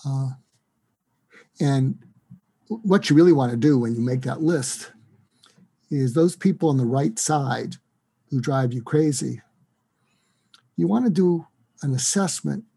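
Husky, mellow-voiced man explaining. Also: mid-range voice, measured pace, pauses often. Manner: animated, acts out sample dialogue with shifting tone. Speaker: psychiatrist and guest expert. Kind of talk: interview, explaining a technique.

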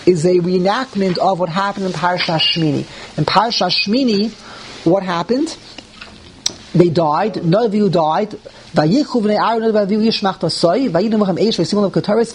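A man teaches a Torah lesson to a live class, asking rhetorical questions and restarting phrases as he thinks aloud. His pitch climbs when he stresses a point. The low-quality recording carries a little hiss or hum.

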